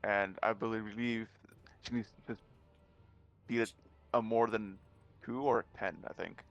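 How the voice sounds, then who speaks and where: Male player, low gravelly voice, hesitant while checking rules. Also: steady tone, unhurried, lo-fi sound. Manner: hesitant, working out rules aloud. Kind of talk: tabletop game play.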